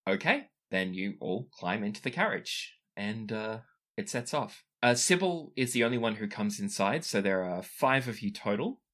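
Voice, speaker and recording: A man running a tabletop game as game master, narrating scenes and jumping into character voices. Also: normal speed. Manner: lively, animated narration that jumps up in pitch for characters.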